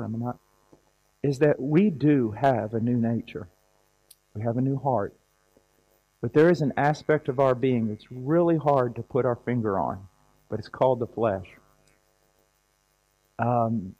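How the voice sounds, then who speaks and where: A man preaches in a relaxed, conversational manner at an ordinary middle pitch. He tells everyday stories and acts out the people in them. It is unhurried, plain-spoken sermon talk. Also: poor audio. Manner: conversational storytelling, acts out scenes.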